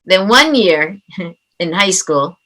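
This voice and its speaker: Bright-voiced woman parenting coach. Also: on the low side, slow pace, poor audio. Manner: animated storyteller who acts out quoted dialogue. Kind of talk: conversational interview.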